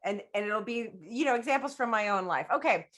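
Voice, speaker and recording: A woman improvising as a player in a tabletop game, talking in halting, meandering bursts. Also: a little high, expressive, fairly bright tone. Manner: halting, full of fillers and restarts. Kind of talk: improvised tabletop role-play.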